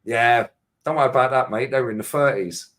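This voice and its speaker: A man with a London accent rants about football as a panelist on a casual chat show, his mid-range, fairly bright voice fast-flowing and sweary as he goes off on long tangents.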